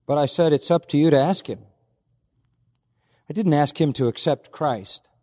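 A man preaching a sermon as pastor, telling a story earnestly and quoting others in a softer voice. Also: fairly high pitch, moderate pace, big-room sound.

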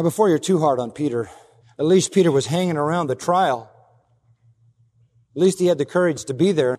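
A man's voice: on the high side, darkish tone, big-room sound. A man preaching an expository sermon as pastor, emphatic, acting out quoted lines in a raised voice.

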